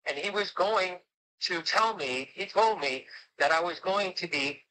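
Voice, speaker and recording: A man's voice: high-pitched, a little slow, sharp tone, a little hiss or hum, poor audio. A man on a livestream, talking insistently and pleading to be heard. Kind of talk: heated call-in talk.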